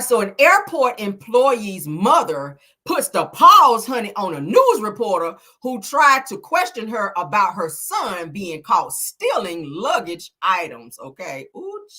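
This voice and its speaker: Woman hosting gossip chat, husky and bright, lots of laughing. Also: on the high side. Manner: animated, laughing, calls audience child and honey. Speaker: host. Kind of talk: casual celebrity news chat.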